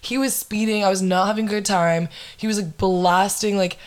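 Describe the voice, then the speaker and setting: A young woman in her twenties, a podcast host telling a dating story in casual chat, animated and full of "like". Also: medium pitch, normal speed. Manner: animated, heavy use of "like".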